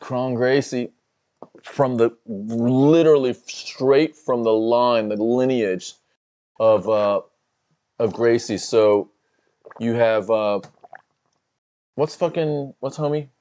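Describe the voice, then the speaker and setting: A man's voice: mid-range voice, slow pace, pauses often, mellow, highs cut off. A man co-hosting a fight watch-along livestream, chatting casually, laughing often and reading out chat comments.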